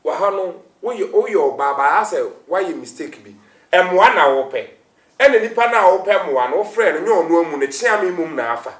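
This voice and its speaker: A man's voice: sits high, expressive, moderate pace, roomy sound, distant mic. A man hosting a conversational interview, prompting with short responses and laughing along. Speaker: interview host.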